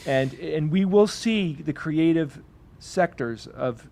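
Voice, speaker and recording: A man hosting a podcast in casual chat, excitable and quick, full of restarts. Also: a little high, vocal fry. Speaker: podcast host.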